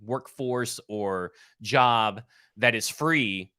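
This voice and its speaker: A man's voice: medium pitch, extremely slow, sharp tone, clean tone, no room sound, studio quality. A man co-hosting a sports talk show, bluntly explaining contract numbers step by step. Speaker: sports show co-host and salary cap analyst.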